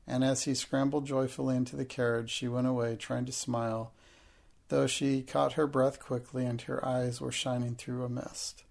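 Gravelly man reading a storybook. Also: mid-range voice. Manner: steady, measured reading. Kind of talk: audiobook narration.

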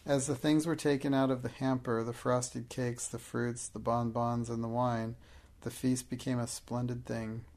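A man narrating a storybook in a measured, even reading. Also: medium pitch. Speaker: audiobook narrator.

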